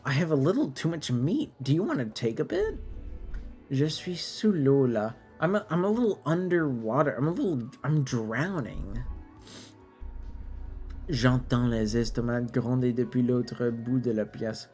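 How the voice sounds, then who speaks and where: A man's voice: medium pitch, lively intonation, unhurried, a little mellow, faint music behind. A man streaming a game late at night, sleepy and tipsy, casually translating French text in a drawling, self-deprecating way that stumbles over words.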